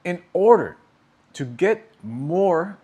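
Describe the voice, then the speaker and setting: A man's voice: sits high, big pitch swings, slow pace, dark tone, breathy edge. Man teaching drum technique. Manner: patient, explanatory, frequent "okay?" check-ins. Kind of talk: instructional demonstration.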